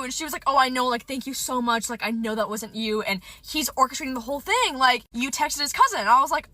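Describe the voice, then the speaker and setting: High-pitched teen girl spilling school drama, dry close mic, animated and slangy. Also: fast, no room sound. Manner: animated, slangy, acts out quotes with jumps in pitch. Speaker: storyteller. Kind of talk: casual storytime.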